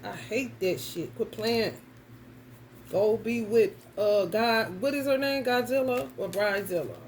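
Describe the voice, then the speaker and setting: A woman reads tarot in a loose vlog, talking bluntly and swearing freely straight to her viewers. Her voice carries a gravelly edge at a middle pitch. A faint hiss sits under it. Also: measured pace. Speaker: tarot reader. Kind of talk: casual tarot reading vlog.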